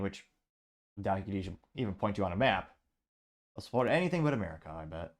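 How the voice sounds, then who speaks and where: Sarcastic low-voiced male commentator. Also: fast. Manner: sarcastic, wry. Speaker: podcast host. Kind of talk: political commentary reading social media replies.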